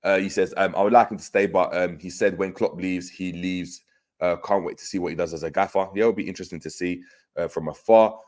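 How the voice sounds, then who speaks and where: A man with a low voice hosts a relaxed live football chat. He reads viewer comments aloud and reacts to them in a loose, conversational way, with frequent fillers and restarts. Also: brisk. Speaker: football podcast host.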